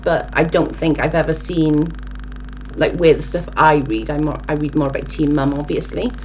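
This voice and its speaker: A woman's voice: low-pitched, fairly even intonation, moderate pace, darkish tone, muffled recording, a little hiss or hum. A young woman casually chatting on a live stream, reading viewer comments and rambling, with casual swearing.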